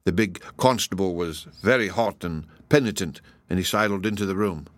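A man reading a mystery story aloud in a measured, even narration. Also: sits low, dry recording. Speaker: audiobook narrator.

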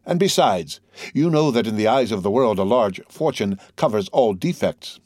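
An eager young schemer who flatters and frets by turns, as a man reading a novel puts him on. The voice sits a little above the reader's own low register. The recording is close and dry. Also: moderate pace, no room sound. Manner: ingratiating, anxious.

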